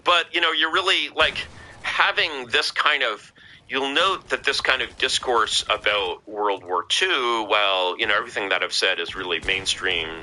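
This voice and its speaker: A man's voice: medium pitch, normal speed, bright, forceful tone, rough recording. A man talking as a podcast guest in casual conversation, rambling with many fillers and restarts.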